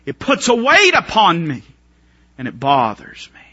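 A male preacher with a high, sharp voice and a husky edge delivers a sermon in fervent, stop-start bursts. He swings from quiet, low passages to loud ones. The recording is dry and sounds dull and lo-fi. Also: wildly swooping pitch, a little slow, no echo. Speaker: pastor.

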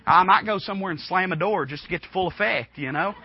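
A man in his twenties preaching a sermon in a church, impassioned, swinging from hushed tones to shouting. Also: a little high, fairly quick, hardly any pauses, lo-fi sound, slight background noise. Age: 20s. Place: church room.

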